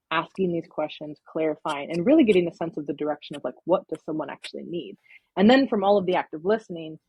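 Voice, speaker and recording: A woman's voice: sits low, dark tone, husky, poor audio. A woman, a counseling intern, talking in a casual podcast interview, explaining at length with many verbal fillers.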